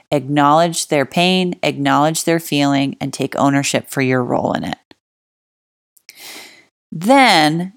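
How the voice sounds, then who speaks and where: A woman's voice: low-pitched, no room sound, clean studio sound. A woman giving casual spoken advice, stressing key words firmly and chatting with fillers like "like" and "you know". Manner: emphatic, stresses key words, acts out example dialogue. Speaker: relationship advice speaker.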